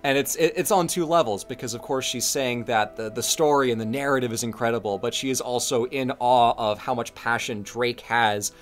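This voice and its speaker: A man in casual video essay chat, animated and playfully acting out character lines as he recaps a scene. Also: medium pitch, fairly quick, few pauses, faint music behind. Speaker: co-host.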